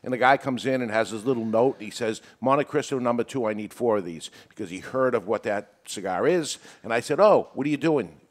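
A man who runs a cigar shop, telling an animated story about a customer. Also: mid-range voice, fairly quick, hardly any pauses. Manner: animated anecdote, acts out customers. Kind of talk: storytelling in casual chat.

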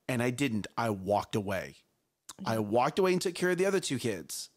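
A man's voice: mid-range voice, brisk. A man co-hosting a parenting talk show, telling stories with lots of repeated phrases. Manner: animated storyteller, repeats phrases. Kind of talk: casual chat.

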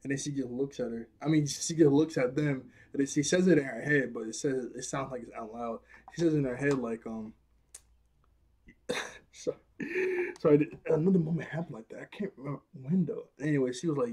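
A young man casually recapping and reviewing a cartoon episode, animated and slangy, laughing often as he retells scenes. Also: mid-range voice, brisk, slightly rough.

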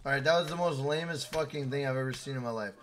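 A man streaming a survival game with his wife, swearing freely, shouting hype catchphrases and reading out viewers' names from the chat. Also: medium pitch, fast talker, a little hiss or hum. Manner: reads out chat names and thanks members. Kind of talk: casual livestream gaming chat.

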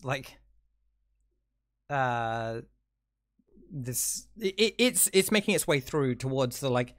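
A man narrating as game master, halting and full of fillers and restarts. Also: mid-range voice, fairly bright tone, no room sound, clean studio sound.

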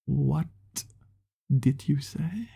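Brief: man playing a menacing cult leader, slow drawl, gravelly and husky, erupts into rage. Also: fairly high pitch, lively intonation, heavily acted. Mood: cold menace. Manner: slow, menacing, swinging to furious shouts. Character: power-hungry male cult leader, volatile and menacing.

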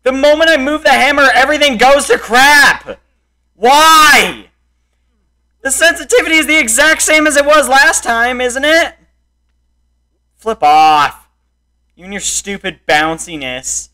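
A young man in raging gameplay commentary, frustrated, swinging between muttered complaints and loud shouts at the game. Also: very high-pitched, lively intonation, measured pace, pauses often. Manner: frustrated, yelling and insulting the game. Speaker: gameplay streamer.

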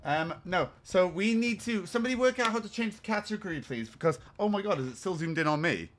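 A man, chatting excitably and rambling as he sets up a live game stream. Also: sits high, fast talker, slight background noise.

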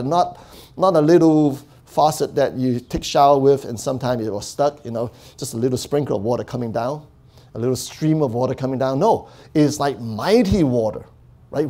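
Preaching man with a mellow voice. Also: medium pitch, animated, normal speed. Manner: swings from quiet talk to loud proclaiming; conversational, asks the congregation "right?". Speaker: pastor. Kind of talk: sermon.

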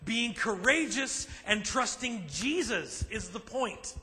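Man, pastor, sermon, emphatic, animated, high voice, long hall reverb. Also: slow. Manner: emphatic, animated preaching with acted asides. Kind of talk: sermon to a men's group.

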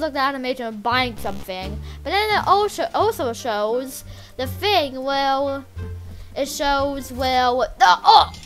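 Woman, casual game commentary, rambling, excitable, faint music behind. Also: sits high. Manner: rambling, excitable, heavy use of filler words. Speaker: gameplay channel host.

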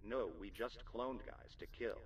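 Brief: man playing a low, gravelly, sarcastic game host; distant, muffled in-game sound. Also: measured pace. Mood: mocking. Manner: mocking, dry sarcasm. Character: sarcastic male game-master voice taunting players.

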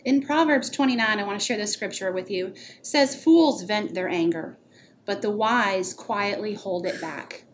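A woman's voice: mid-range voice, normal speed, slight background noise. A woman co-hosting a faith and parenting podcast, speaking earnestly and quoting scripture. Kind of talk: casual chat on faith and parenting.

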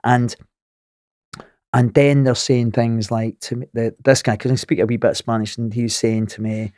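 Animated Glaswegian man telling a tale. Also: medium pitch, normal speed, no room sound, studio quality. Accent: Glaswegian Scottish. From Scotland. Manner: animated, swears freely, laughs through the tale. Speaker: podcast guest. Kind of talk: storytelling.

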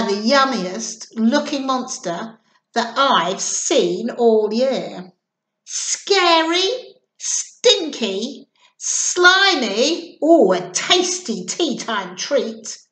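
A big, mean storybook orc growls along slowly, savouring every word as he eyes his next meal. A woman drops her voice to play him. The sound is roomy and echoey. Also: fairly high pitch, sing-song, a bit bright, pitched below the performer's own voice, exaggerated voice. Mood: gloating. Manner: slow, gloating, relishing. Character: growling hungry male orc, huge and mean. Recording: roomy echo.

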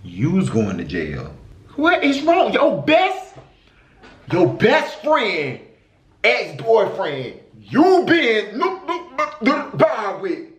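A man reacting to viewer confessions in a casual vlog, his voice leaping from high squeals down to low grumbles. He sounds theatrical and blunt, with a slightly high pitch. The room around him is echoey. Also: huge pitch swings, slow pace. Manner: profane, blunt and teasing. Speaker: YouTuber reading viewer confessions.

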